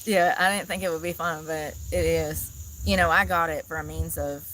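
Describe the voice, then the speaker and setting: A woman vlogging casually outdoors in the mountains, chatty and animated as she talks to viewers. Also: deep voice, normal speed, poor audio. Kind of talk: casual outdoor vlog chat. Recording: outdoor noise, crickets audible.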